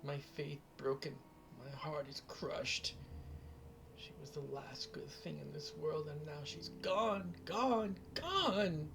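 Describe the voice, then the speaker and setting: A man's voice: fairly high pitch, takes it slowly, gravelly, noisy background, pitched above the performer's own voice. A man voicing a frail old mother, half-mad with grief, who wails and repeats her words in despair. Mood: grief-stricken.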